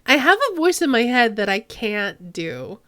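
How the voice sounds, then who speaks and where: A woman's voice: a little high, big pitch swings, unhurried, fairly bright tone, no echo, clean studio sound. A woman streamer giving giggly, self-mocking commentary while playing a game. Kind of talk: let's play commentary.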